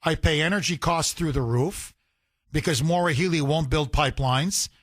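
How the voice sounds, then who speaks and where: A man's voice: fairly high pitch, moderate pace, a bit bright, no echo, studio quality. A man hosting a call-in talk radio show, talking emphatically with sarcastic jabs. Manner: sarcastic, emphatic, mocking imitations.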